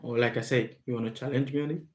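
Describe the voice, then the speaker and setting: A man hosting a live stream question-and-answer session, speaking slowly and emphatically and repeating key words. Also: medium pitch, steady tone. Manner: slow, emphatic and repetitive, stressing words. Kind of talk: live Q&A monologue.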